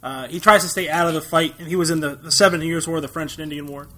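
A young American man talks movies on a casual podcast, rambling through jokey asides. His voice sits a little high, and he laughs often as he goes. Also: fairly even intonation, fast talker, bright, forceful tone. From United States. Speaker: podcast co-host.

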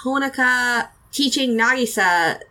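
Woman, podcast host, casual recap chat, giggly, rambling, somewhat high voice. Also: measured pace, bright, forceful tone, rough recording. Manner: chatty, giggly, rambling with many fillers.

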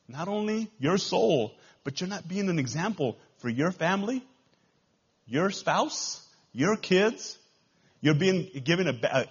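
A man with a Texan accent preaching a sermon as pastor, swinging between loud rises and quiet drops. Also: high-pitched, breathy edge, highs cut off. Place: church.

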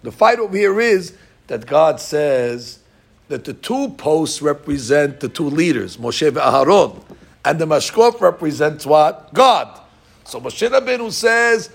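High-pitched gravelly guy giving a torah class, acts out every quote. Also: measured pace. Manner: animated, acts out quoted dialogue with rising pitch. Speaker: rabbi teaching Torah. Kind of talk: Torah lesson.

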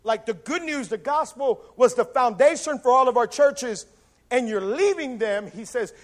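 A man with a high, light voice preaches a sermon in an easy, conversational way. He talks casually and with lots of energy, and he acts out quoted lines as he goes. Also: lively intonation, normal speed. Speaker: pastor.

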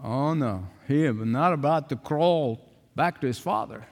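A man's voice: mid-range voice, a little slow. An older man preaching a sermon, emphatic, repeating phrases for stress. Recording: long hall reverb.

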